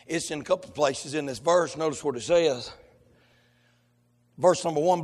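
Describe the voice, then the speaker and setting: A male pastor, preaching a sermon that swings from shouted, sung lines to low conversational talk. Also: brisk, husky. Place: church sanctuary. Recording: long hall reverb.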